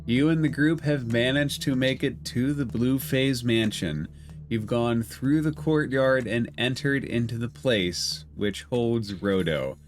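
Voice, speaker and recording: Slow-talking man running the game. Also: medium pitch. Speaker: game master. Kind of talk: narrating a tabletop game.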